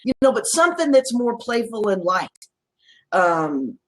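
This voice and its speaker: A woman's voice: a little high, very animated, a little slow, rough recording. A woman guest expert in a discussion, talking in an enthusiastic, emphatic and playful way. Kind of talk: casual discussion.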